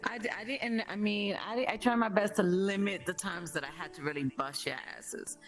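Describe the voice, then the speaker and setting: A middle-aged woman, telling a family story in a blunt, animated way. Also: mid-range voice, fairly quick, soft background music. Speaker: mother of the streamer, guest. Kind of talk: casual storytelling chat.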